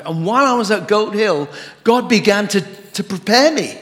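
A man's voice: high-pitched, animated, normal speed, fairly bright tone. An older man, a former pastor, preaching a sermon with rambling asides and many fillers. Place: church sanctuary. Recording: long hall reverb.

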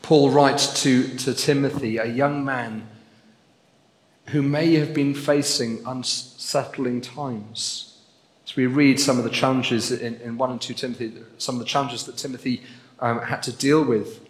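Preacher in an echoing hall. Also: male voice, medium pitch, fairly even intonation, measured pace. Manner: earnest, building to emphatic repetition. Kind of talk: sermon. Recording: echoey hall with long reverb.

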